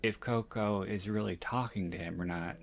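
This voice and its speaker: A man hosting a podcast, reviewing a horror episode in casual chat, sounding exasperated, skeptical and halting. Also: fairly low pitch, creaky. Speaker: podcast host.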